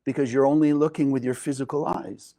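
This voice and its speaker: A man voicing a wise old spiritual master in a parable, calmly and patiently explaining. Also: mid-range voice, no room sound, lightly acted. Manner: calm, measured, explaining. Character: calm wise old male master teacher.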